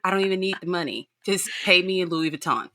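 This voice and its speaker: A woman talking in a casual, animated podcast chat about celebrity gossip. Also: lowish voice, fast talker. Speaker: podcast guest host.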